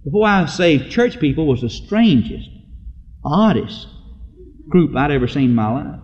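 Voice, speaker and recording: A man's voice: on the high side, sing-song, normal speed, a little mellow. Folksy preacher man in a hall. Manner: folksy storytelling, acting out voices and whoops. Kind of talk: sermon. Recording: dull lo-fi recording in a reverberant hall.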